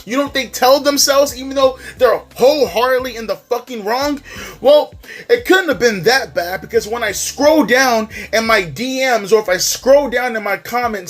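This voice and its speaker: D2: A wrestling commentary vlogger ranting heatedly. The vlogger speaks emphatically and swears in almost every sentence. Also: mid-range voice.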